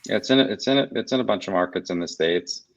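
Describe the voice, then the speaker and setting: A man talking casually as a guest in an interview, relaxed and rambling, with lots of fillers and restarts. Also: deep voice, fast, highs cut off. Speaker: guest, whiskey portfolio director. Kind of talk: casual video-call interview.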